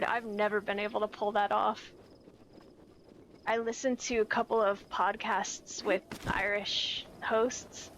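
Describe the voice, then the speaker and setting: A woman's voice: medium pitch, fairly bright tone, slight background noise, low-quality recording. A young woman chatting casually while streaming a game, giggly and self-deprecating. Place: home, lives in California.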